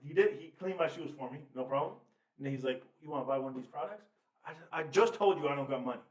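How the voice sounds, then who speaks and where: A man's voice: fairly high pitch, fast. Roomy, slightly distant man telling stories. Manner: animated, swearing, acts out quotes. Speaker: podcast co-host. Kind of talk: casual storytelling chat. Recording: roomy, off-mic sound.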